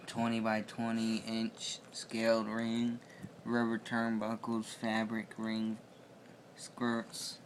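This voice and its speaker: A young man talks through a toy review at home in a loose, rambling way, full of fillers and restarts. His voice sits low and stays fairly flat, and he speaks at an unhurried pace. Faint room noise hums behind him. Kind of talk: casual video toy review.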